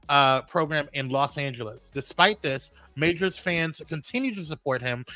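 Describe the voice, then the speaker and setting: A man with a New York accent leads a live stream with animated energy, calling out viewers by name and reading the news. His voice is bright and forceful and sits a bit high. The sound is close and dry. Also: no echo, low-quality recording. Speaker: podcast co-host.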